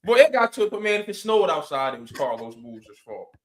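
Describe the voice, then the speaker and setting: Animated man on a sports podcast. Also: fairly high pitch, fast, roomy sound, slight background noise, poor audio. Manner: animated storytelling, playful exaggeration. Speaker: podcast co-host. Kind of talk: casual sports chat.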